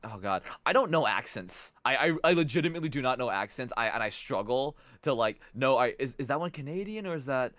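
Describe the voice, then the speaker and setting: A man's voice: mid-range voice, fairly quick, few pauses, no room sound. A young man as a podcast guest, telling stories with many restarts and some swearing. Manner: stammering restarts, swearing, animated storytelling. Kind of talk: casual podcast chat.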